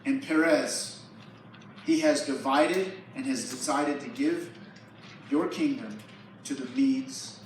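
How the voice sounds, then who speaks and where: A man's voice: a little high, distant mic, slight background noise. Man preaching casually in an echoey hall. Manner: casual storytelling, lively retelling. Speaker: youth pastor. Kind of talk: sermon. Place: church hall.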